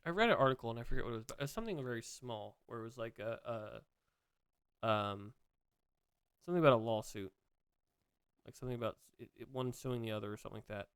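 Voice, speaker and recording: A man co-hosting a casual podcast, telling stories in an animated, rambling way. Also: mid-range voice, fast talker, long pauses, smooth, no room sound, studio quality. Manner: animated, rambling, laughs at his own stories. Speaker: podcast co-host. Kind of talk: casual chat.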